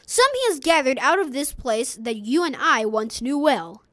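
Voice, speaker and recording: A woman reading a sermon aloud for an audiobook in an earnest, measured way. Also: sits high, big pitch swings, fairly bright tone, dry recording. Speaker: audiobook reader.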